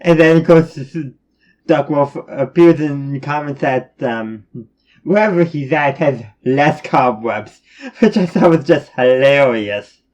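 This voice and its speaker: A man's voice: fairly high pitch, takes it slowly, darkish tone. A man giving a casual spoken review, rambling along with many restarts and fillers. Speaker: reviewer of animated episodes.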